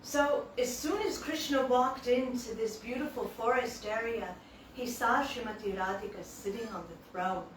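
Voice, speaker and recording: Casting: woman storyteller, animated devotional talk, distant mic, faint background hum. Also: fairly high pitch, moderate pace. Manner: animated, acts out quotes. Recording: echoey hall, distant mic.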